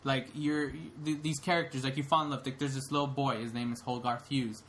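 A man's voice: mid-range voice, level tone, brisk, fairly bright tone. A young man co-hosting a podcast, retelling a film in casual chat, rambling with lots of fillers and restarts. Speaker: podcast co-host.

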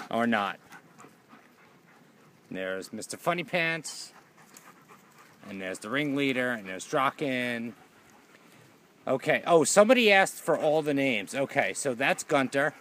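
A man filming his dogs for a casual video, switching between loud scolding and doting baby talk, with some casual swearing. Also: medium pitch, expressive, a little slow, pauses often. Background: dogs in the background.

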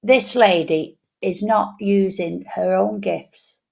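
A woman's voice: mid-range voice, slow pace, vocal fry, highs cut off. A woman medium on a live show, passing on spirit messages in a homely way and repeating key phrases. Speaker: psychic medium co-reader. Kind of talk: live online reading show.

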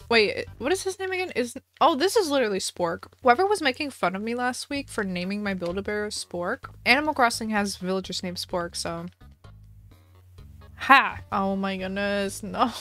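A young woman talks casually over her game, expressive and quick to laugh or squeal. Her voice sits a little high, and faint music plays underneath. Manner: chatty and expressive, squeals and laughs at good luck. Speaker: gaming video creator. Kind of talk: casual gaming commentary. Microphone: headset or desk mic.

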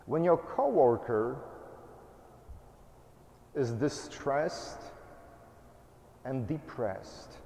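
A male pastor giving a sermon in a measured way, in short phrases. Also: mid-range voice, expressive, vocal fry, dark tone, echoey room, in a large hall.

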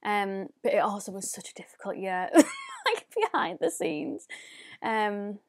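A woman's voice: medium pitch, huge pitch swings, unhurried. A woman, chatting casually and rambling as a beauty vlogger showing off her presents. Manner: chatty, rambling, lots of "like" fillers. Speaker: beauty YouTuber. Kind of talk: casual unboxing vlog.

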